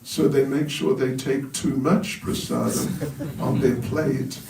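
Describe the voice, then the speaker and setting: Slow-talking monk in a roomy temple hall. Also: male voice, mid-range voice, steady tone, gravelly, a little mellow, recorded from a distance. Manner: humorous, chuckles at his own jokes. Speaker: monk giving a talk at a temple. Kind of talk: storytelling sermon.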